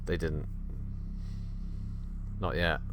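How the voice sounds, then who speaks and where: A man's voice: rumbling low, flat delivery, very slow, music in the background. A man chatting casually and swearing cheerfully while playing a game on stream. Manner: joking, sweary, chatty commentary. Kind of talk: casual gaming chat.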